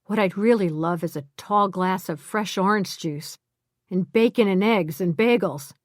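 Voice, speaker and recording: A woman voicing an anxious, forlorn male captive speaking his thoughts quietly. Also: mid-range voice, a little slow, no echo, studio quality, natural voice. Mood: hungry. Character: captive male ex-teacher's pet, anxious and glum.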